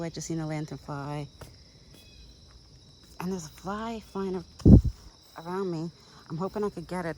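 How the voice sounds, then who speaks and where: A young woman with a low-sitting voice rambles casually to her phone camera outdoors in a rural yard while feeding a deer, talking fondly to it. The rough recording has a little hiss or hum, along with insects and countryside ambience.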